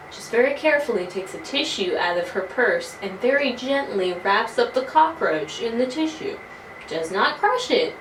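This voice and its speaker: A young woman in her early twenties telling a casual, animated story, swearing freely as she talks. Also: fairly high pitch. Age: early 20s. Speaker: vlogger. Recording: roomy, from a distance, faint noise.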